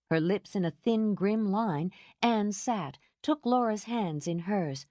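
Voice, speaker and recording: A woman narrating a novel in an expressive, dramatic reading style. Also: on the low side, unhurried, no room sound, studio quality. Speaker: audiobook narrator.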